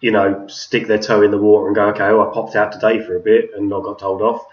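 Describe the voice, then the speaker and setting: A man's voice: fairly low pitch, little pitch movement, quick pace. A man hosting a casual podcast chat, telling stories with laughs and swearing. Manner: laughing, swearing, chatty storyteller. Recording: roomy, distant, dull sound.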